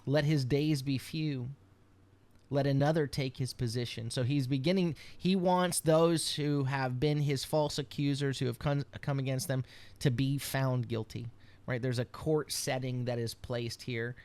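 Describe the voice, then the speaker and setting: A rabbi giving a daily devotional, reading scripture aloud and explaining it with frequent ums and restarts. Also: male voice, mid-range voice, steady tone, measured pace, darkish tone. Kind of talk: devotional Bible teaching.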